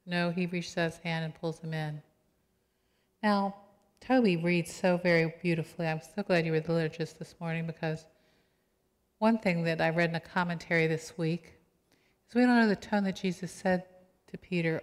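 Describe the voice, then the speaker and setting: A middle-aged woman pastor giving a sermon in a conversational, animated storytelling way, acting out quoted voices. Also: fairly low pitch, normal speed. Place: church sanctuary. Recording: long church reverb.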